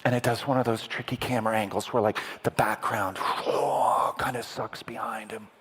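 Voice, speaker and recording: A man preaching a sermon as vivid storytelling, dramatic and playful with the congregation, building to loud peaks and dropping to a whisper. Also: on the low side, steady tone, brisk, slightly rough. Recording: echoey hall with long reverb.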